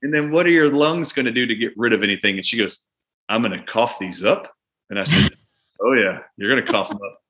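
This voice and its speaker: A man, a doctor appearing as a guest, telling a long story from his practice in lively conversation and acting out both his own lines and his patient's. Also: medium pitch, fast talker. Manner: animated, acts out both sides of a patient exchange.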